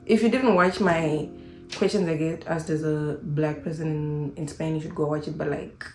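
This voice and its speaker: A young woman from Zimbabwe talking casually to camera in an unscripted vlog, animated and acting out the voices of people she quotes. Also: low voice, moderate pace, echoey room, faint music behind. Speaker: vlogger.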